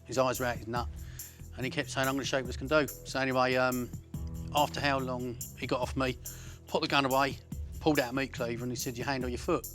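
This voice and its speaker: A man's voice: mid-range voice, little pitch movement, fast, a bit bright, faint music behind. A man, recounting a violent episode in blunt, coarse words. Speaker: interviewee.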